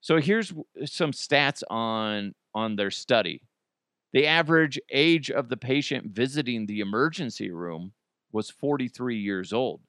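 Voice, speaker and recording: A man in his forties hosting a casual solo podcast, excitable and laughing often. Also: medium pitch, unhurried, clean tone, no room sound, clean studio sound. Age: 40s. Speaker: podcast host.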